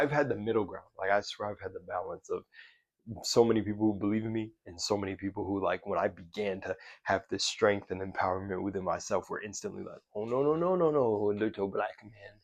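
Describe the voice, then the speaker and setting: A man's voice: fairly low pitch, vocal fry, no room sound. A man vlogger giving casual motivational talk, loose and profane, rambling with restarts as if chatting with a friend. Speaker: self-development vlogger.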